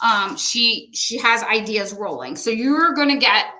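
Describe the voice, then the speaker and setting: A middle-aged woman co-hosts a painting livestream, chatty and upbeat, and she often exclaims to viewers as she works. Her voice is bright and sits a little high. The room around her is echoey. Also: animated, measured pace. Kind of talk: casual livestream chat while painting.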